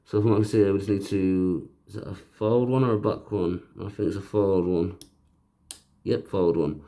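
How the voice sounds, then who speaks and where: Low-voiced man chatting through a repair. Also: fairly even intonation, fairly quick, mellow. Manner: chatty, joking, self-mocking aside-talk. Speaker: repair video host. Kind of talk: casual narrated repair tutorial.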